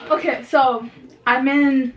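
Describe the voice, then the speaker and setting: A woman's voice: high voice, fairly even intonation, takes it slowly, highs cut off, a little hiss or hum. A young woman from Canada hosting a casual podcast chat at home, rambling and giggly, often stumbling over her words. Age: young adult. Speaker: podcast host. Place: home room.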